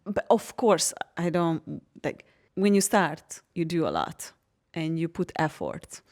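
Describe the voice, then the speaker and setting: A woman from Hungary, telling personal stories in a casual podcast chat, animated and laughing often. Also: low-pitched, slow. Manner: animated storytelling, laughs often, frank and expressive.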